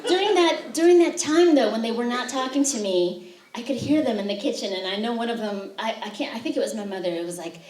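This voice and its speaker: A woman's voice: on the high side, lively intonation, fast, darkish tone. A woman poet giving a reading, telling humorous stories with frequent fillers between poems to students in a lecture room. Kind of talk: poetry reading with spoken anecdotes. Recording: roomy sound, voice distant from the mic.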